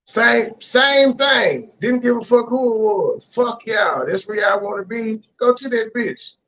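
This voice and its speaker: A man's voice: very high voice, animated, measured pace, fairly bright tone, poor audio. Combative profane man on a livestream. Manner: combative, profane, calling out rivals. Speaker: livestream host. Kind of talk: heated livestream call-in talk.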